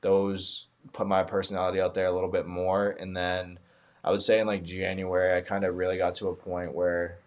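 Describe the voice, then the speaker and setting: Low-voiced young man, laid-back chat. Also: completely flat delivery, brisk. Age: young adult. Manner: laid-back, filler-heavy, self-described sarcastic. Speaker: guest, content creator. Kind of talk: casual podcast chat. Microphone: remote call.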